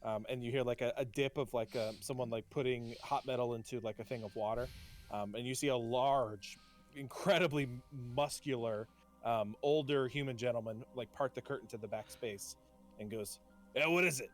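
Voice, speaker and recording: A man's voice: mid-range voice, fairly even intonation, normal speed, faint music behind. Casual male game master. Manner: casual, rambling, many likes and ums. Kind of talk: narrating a tabletop game.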